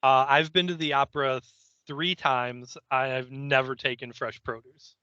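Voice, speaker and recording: A man's voice: mid-range voice, flat delivery, normal speed, bright, forceful tone, clear, resonant tone, dry recording, lo-fi sound. A man co-hosting a podcast, joking and wisecracking in casual chat. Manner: joking, wisecracking, laughs a lot. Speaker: podcast co-host.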